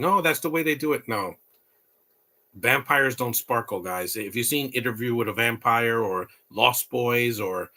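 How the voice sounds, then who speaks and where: A man hosts a casual live commentary over a movie. His voice sits a little low but comes across bright and forceful. He rambles from point to point and drops blunt, opinionated asides.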